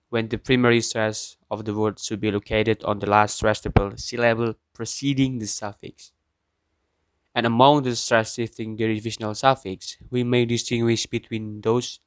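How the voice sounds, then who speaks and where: A young man with an Indonesian accent reading a student presentation, pausing between example words. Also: lowish voice, steady tone, no echo.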